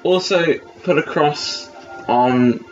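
A man's voice: a little high, takes it slowly. A man co-hosting a casual watch-along commentary, bluntly critical and swearing. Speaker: podcast co-host. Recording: distant, dull lo-fi with music.

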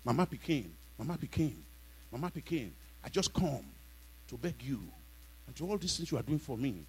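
A timid man begs in a small, low, hushed voice, as a husky-voiced preacher mocks him in his sermon. Every word sounds meek and pleading. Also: animated, a little fast, rough recording. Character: timid believer begging a witch, man.

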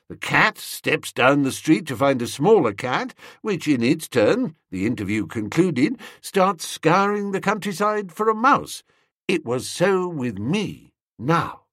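Wry male audiobook narrator, very expressive melody, dry close sound. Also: mid-range voice, no room sound. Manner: animated, wry storytelling with character voices. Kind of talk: scripted comic novel narration.

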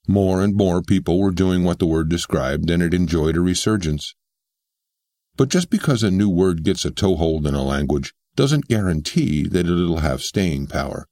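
A man narrating a scripted book summary in a steady, explanatory way, slowing down to stress example words. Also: sits low, no echo, clean studio sound.

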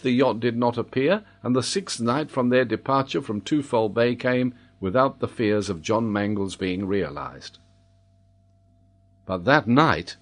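Measured male audiobook narrator. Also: mid-range voice. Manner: measured, formal reading. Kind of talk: scripted narration.

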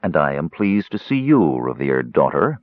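A man's voice: rumbling low, very animated, normal speed, dry recording, pitched below the performer's own voice, heavily acted. A man reading as a mocking young mage. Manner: soft, mocking. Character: cynical young male mage, mocking and cold. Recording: slightly muffled audio.

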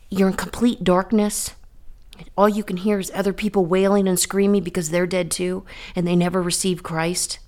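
A woman sharing her faith testimony in a vivid, dramatic way, repeating herself and building with rhetorical questions. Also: medium pitch.

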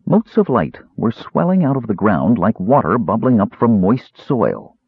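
Deep man, husky, lively audiobook narration, dry, tinny phone-like sound. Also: unhurried, dry recording. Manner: expressive storytelling. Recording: tinny lo-fi narrow band.

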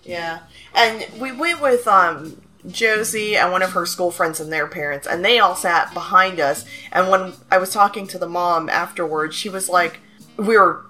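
A woman chatting casually with a bright, forceful tone. She talks in an animated, sarcastic way and laughs often. Faint music sits behind her voice. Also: mid-range voice. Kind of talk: casual chat.

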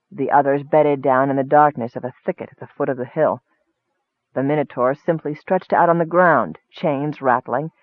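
A man narrates a fantasy tale in a steady, scripted reading. His voice sits slightly high. The sound is narrow and phone-like, with a dry, close feel. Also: dry recording. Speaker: audiobook narrator.

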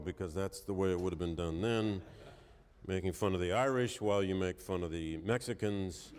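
Suffering from a cold, a man gives a university history lecture in a wry, conversational manner, reading quotations aloud with emphasis. His voice is lowish and darkish, echoing through a reverberant lecture hall.

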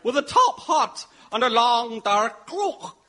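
A man's voice: very high voice, sing-song, takes it slowly, voice pushed up, exaggerated voice. A man putting on a hammy woman. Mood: dramatic. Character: Victorian Irish woman witness, theatrical. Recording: loud background noise.

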